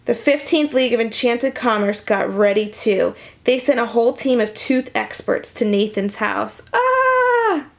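A woman reading a picture book aloud to children on camera in an animated, chatty way, often dropping to a whisper. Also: on the high side, moderate pace, gravelly, hardly any pauses. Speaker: children's story reader.

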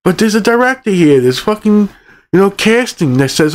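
Angry swearing man ranting, higher voice. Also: expressive, normal speed. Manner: angry, swearing constantly, rambling. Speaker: channel host reviewing a movie. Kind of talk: profane ranting movie review.

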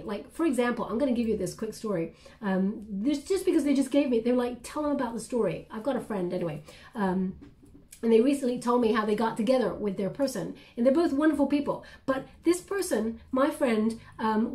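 Chatty woman tarot reader, mellow voice. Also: fairly high pitch. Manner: chatty, reassuring, many fillers and "okay?". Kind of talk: casual tarot reading vlog.

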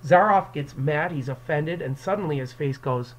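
In this classroom lecture video, a male English teacher with a slightly high voice speaks at a moderate pace into an external microphone. He explains the plot directly to his students and dramatizes the characters' lines, over a rough recording.

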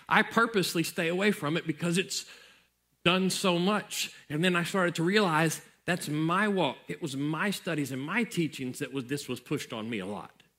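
A man's voice: high-pitched, fairly bright tone. Preaching man, repetitive and earnest. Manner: conversational preaching, repeats phrases for emphasis. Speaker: pastor. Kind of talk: sermon.

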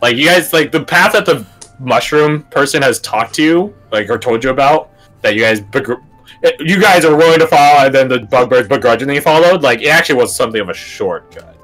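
A man's voice: medium pitch, lively intonation, a little fast, a bit bright, faint music behind. A man narrating a tabletop game as game master, chatty and full of fillers.

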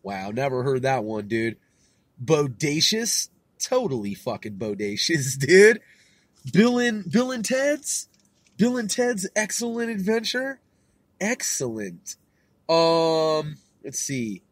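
A Californian podcast host delivers a casual, profanity-laced monologue, laid-back and slangy, laughing often. His slightly high voice swings widely in pitch and moves slowly, recorded with no echo.

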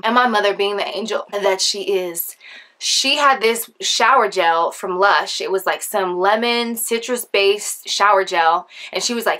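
A young woman vlogger telling a story casually, chatty and animated, with lots of filler words. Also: mid-range voice, normal speed. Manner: chatty, animated, acts out quoted voices; heavy use of filler like.

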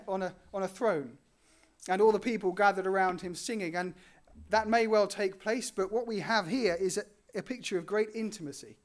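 A man preaching a sermon in an earnest way. He lifts his voice on key words and lets his lines fall soft and low at the ends. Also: moderate pace. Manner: earnest, rising on key phrases and dropping softly at line ends.

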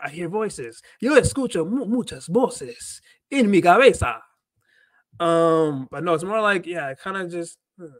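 Higher-voiced man rambling on a livestream. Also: a bit bright. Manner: rambling, thinking aloud. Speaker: livestream host and Spanish learner. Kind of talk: casual livestream chat.

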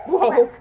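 A mother filming a casual family vlog at home on a small farm, talking to her kids and cooing at her goats. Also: very noisy. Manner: excitable, coos at her goats in a high sing-song.

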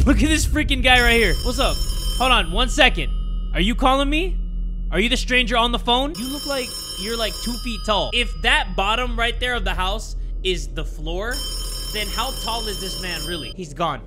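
Excitable high-voiced young man gaming. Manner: excitable, joking, profane, yells when startled. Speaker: gaming video host. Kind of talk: let's play commentary.

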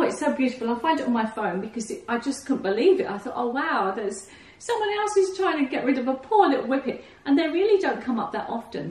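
A chatty woman with a slightly high voice talks casually to camera from her living-room couch, laughing and coaxing her dogs as she goes. The camera sits a few feet away, so her voice sounds distant and roomy, with faint noise behind it. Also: a little mellow. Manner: chatty, laughs often, coaxes her dogs between remarks. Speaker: vlogger. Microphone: camera set a few feet away.

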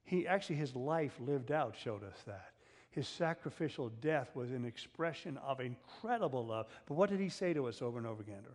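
A man preaching to his congregation, middle pitched and easygoing. He cracks jokes and pulls the listeners in with questions. The sound trails off in the long echo of a church sanctuary. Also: expressive, a little fast. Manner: humorous, asks the congregation questions. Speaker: pastor. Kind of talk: sermon. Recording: long reverb of a church hall.

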